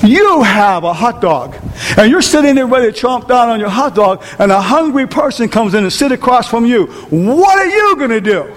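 Male pastor, very high voice, emphatic sermon delivery, reverberant church hall. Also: big pitch swings, normal speed. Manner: emphatic preacher, questions to the congregation. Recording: reverberant hall with faint noise.

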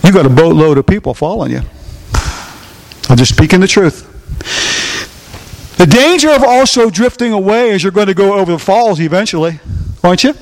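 A middle-aged man preaching from the pulpit in a notably high voice. He drives each point home by hammering lines again and again. He keeps throwing questions out to the congregation. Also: expressive, fairly quick, long pauses. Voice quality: emphatic, asks the congregation questions and repeats key lines. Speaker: pastor. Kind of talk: sermon.

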